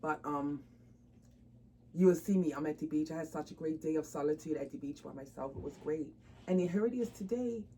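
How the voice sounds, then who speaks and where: Chatty woman doll-collector vlogger, low voice. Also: brisk, dark tone, a little hiss or hum, low-quality recording. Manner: chatty, laughs often, informal slang. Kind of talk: casual chat to camera.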